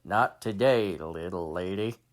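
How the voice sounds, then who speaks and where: A man voicing a laconic cowboy shooting star, a cool-headed gunslinger who speaks in a low, unhurried drawl. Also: a little hiss or hum.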